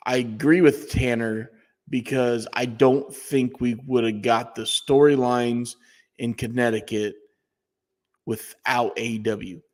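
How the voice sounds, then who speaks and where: A man's voice: medium pitch, steady tone, takes it slowly, darkish tone. Blunt man in a reverberant room. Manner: blunt, swears freely. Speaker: podcast co-host. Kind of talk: casual chat. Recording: long echoey reverb.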